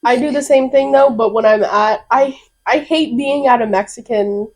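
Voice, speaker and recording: Young woman, podcast co-host, high voice, animated, swears freely. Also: moderate pace. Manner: profane, giggly, animated storyteller. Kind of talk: casual chat.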